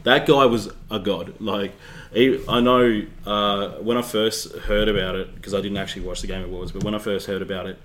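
A playful man co-hosting a podcast, full of slangy banter and jokes. His voice sits on the low side. He talks in a relaxed, casual way. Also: normal speed. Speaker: podcast co-host.

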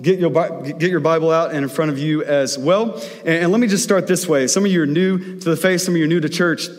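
Brief: male pastor, slightly high voice, chatty storytelling sermon, long hall reverb. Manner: conversational storytelling preaching.

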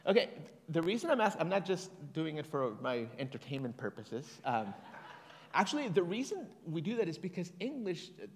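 Man, preacher, casual conversational sermon, reads scripture aloud, leads congregation responses, long hall reverb. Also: on the high side.

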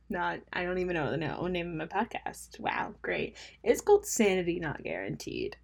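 A woman's voice: medium pitch, a little mellow. A young woman hosting a casual solo podcast, rambling and self-mocking, laughing at her own jokes and dropping into mumbled asides. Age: young adult. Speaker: podcast host.

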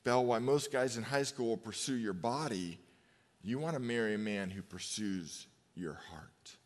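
A man in his fifties preaching a sermon as a pastor, conversational, telling personal stories and slowing down for emphatic pauses. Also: lowish voice. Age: 50s. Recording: long hall reverb.

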